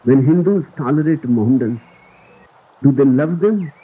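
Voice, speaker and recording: A man giving a spiritual discourse in a slow, deliberate and emphatic way, on an old recording. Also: medium pitch, animated, breathy edge. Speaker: spiritual teacher. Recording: tinny lo-fi archive recording.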